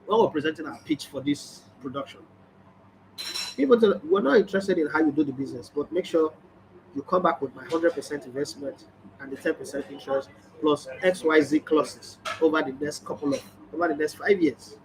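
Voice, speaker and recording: A middle-aged man with a Nigerian accent talks straight to camera in a casual vlog, pressing his points hard and playing out both sides of remembered conversations. His voice sits a little high for a man, with a faint ambient hum underneath. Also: a little fast. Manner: emphatic, storytelling, acts out quoted exchanges. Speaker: sports journalist and channel host. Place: hotel room or indoor space, background ambience.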